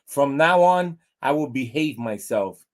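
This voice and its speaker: A man's voice: medium pitch, expressive, a little slow, close to an everyday voice. A man voicing a suddenly polite male parrot in a joke, speaking in a prim, overly courteous way.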